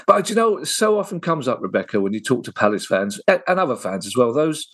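A man's voice: medium pitch, big pitch swings, fast, fairly bright tone. An English man hosting a podcast interview over a video call, chatty and teasing, laughing often. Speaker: podcast host. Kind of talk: casual interview chat.

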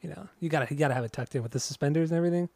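A man's voice: on the high side, rapid-fire, vocal fry, darkish tone, no echo. Man, casual co-host, wry and joking, dry sound. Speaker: podcast co-host. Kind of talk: casual chat.

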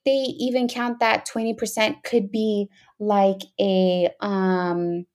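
A woman's voice: medium pitch, level tone, slow pace, darkish tone. A woman guest in a casual interview, explaining her ideas in an upbeat, earnest way.

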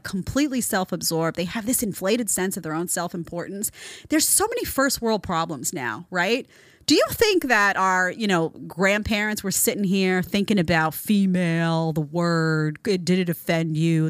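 A woman podcast host delivers opinionated commentary in a sarcastic, exasperated tone. Her pitch swings up and down with a lot of life, and the sound is close and dry, with no room echo. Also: fairly bright tone. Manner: reads article excerpts aloud with scornful asides.

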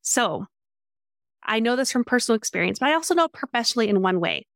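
A middle-aged woman coach speaking calmly and reflectively, with many affirming murmurs. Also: on the high side, quick pace, gravelly, no room sound, clean studio sound. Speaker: parenting coach. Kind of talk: coaching conversation.

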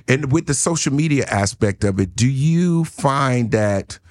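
A middle-aged man hosting a comedy podcast, chatting casually and exclaiming loudly when excited. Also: medium pitch, unhurried. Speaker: podcast host. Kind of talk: casual chat.

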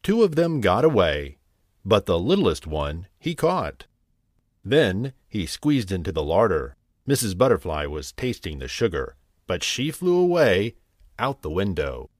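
Low, expressive male storyteller. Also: a little slow, no room sound, clean studio sound. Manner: expressive, acts out the characters. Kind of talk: storybook read-aloud.

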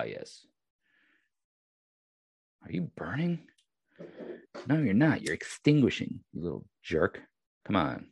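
Hosting his own casual podcast, this Long Island, New York native speaks with a Long Island accent in a voice that sits low. There's no echo, and he rambles, restarting often and using lots of fillers.

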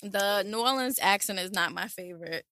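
A woman's voice: mid-range voice, moderate pace, bright, forceful tone, dry recording. A woman co-hosting a casual podcast, laughing easily and pushing back skeptically. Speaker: podcast co-host.

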